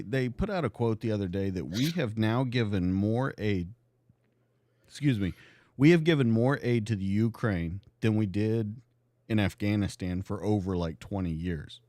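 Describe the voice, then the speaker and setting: A man with a fairly low voice hosts a live podcast, and his pitch rises and falls a great deal as he talks. He asks long, rambling questions, and the recording is dry and close. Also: mellow, no room sound. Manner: long, winding questions with restarts. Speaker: podcast host.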